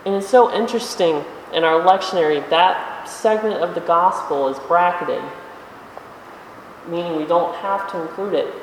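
A preacher delivering a sermon in a relaxed, conversational way, posing questions to the congregation and stretching out key words. The voice sits at a middle pitch and is picked up from some distance in a large church, with a long, roomy reverb. A faint background hum lingers under the speech. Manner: conversational, with rhetorical questions and slowed emphasis. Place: church sanctuary. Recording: echoey hall, voice from afar.

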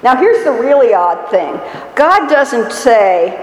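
A woman preaches a sermon in a church, her high-ish voice sing-song and slow. She tells the story with wry humor and mock-whining quotes, and the echoey hall gives a long reverb.

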